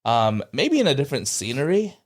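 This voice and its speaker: A man co-hosts a casual podcast chat in a medium-pitched voice that moves briskly with huge pitch swings. He rambles with many ums and restarts, jumping into a raised voice whenever he quotes someone.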